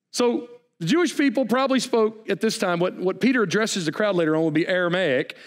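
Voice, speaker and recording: A pastor, preaching in a high, light voice. He is animated and folksy, and he breaks into jokes and asides to the congregation between his points. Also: fairly quick, hardly any pauses. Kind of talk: sermon.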